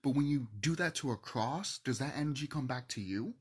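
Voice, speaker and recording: A man ranting in a passionate monologue to camera, swinging between loud outbursts and hushed near-whispers, emotional and swearing. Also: medium pitch, expressive, a little fast, slightly rough. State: emotional, teary. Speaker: video host.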